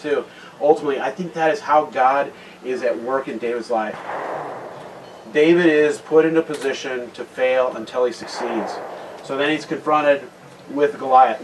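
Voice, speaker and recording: Man preaching, heard from a distant noisy mic. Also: a little high. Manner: conversational, restarts phrases often, drops voice on serious points. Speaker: guest speaker at a men's retreat. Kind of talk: conference talk with Bible storytelling. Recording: distant mic with loud background noise.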